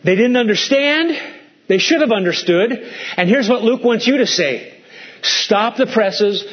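A man's voice: sits high, highs cut off. A male pastor preaching a sermon, asking the congregation pointed rhetorical questions and acting out quoted lines in a raised voice.

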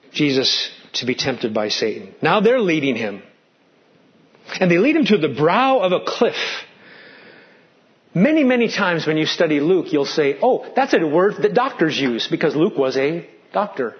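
Animated male pastor preaching a sermon. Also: fairly high pitch, muffled recording. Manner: animated, swings from loud to hushed; asks the congregation questions.

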